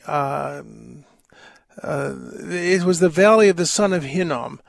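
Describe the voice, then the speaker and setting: A man hosting a Catholic call-in radio show, reading letters and answering questions in a rambling, halting, wry way. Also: fairly high pitch, creaky, no room sound, studio quality. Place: radio studio. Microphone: studio microphone.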